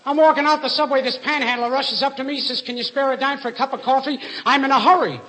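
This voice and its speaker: High-voiced stand-up comedian man. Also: fast, low-quality recording. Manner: deadpan one-liners with sung bookends. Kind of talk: rapid-fire stand-up jokes.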